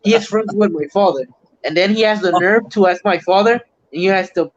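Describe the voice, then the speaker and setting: A man's voice: high voice, brisk. A man hosting a livestream, ranting in casual, heavily profane chat. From Puerto Rico. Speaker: livestream host. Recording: muffled lo-fi stream audio.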